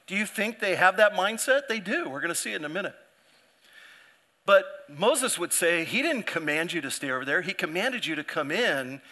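A man's voice: sits high, very animated, moderate pace, bright, forceful tone. A male pastor preaching a sermon in a conversational way, often restarting his sentences and acting out the people he quotes.

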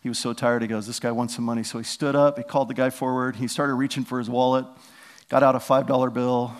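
A man's voice: medium pitch, level tone, quick pace. A man preaching a sermon as pastor, telling stories in a conversational way and acting out what people said. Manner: conversational storytelling, acting out quotes. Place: church sanctuary. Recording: long reverb of a large hall.

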